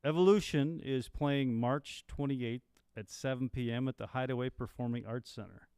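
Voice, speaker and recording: A man co-hosts a live podcast in an easy, upbeat way. His voice is smooth and resonant, recorded dry and close. He talks at a middle pitch. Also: normal speed, a little mellow, no room sound. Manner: upbeat, chatty, promotes local events. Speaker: podcast co-host. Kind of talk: casual live podcast chat.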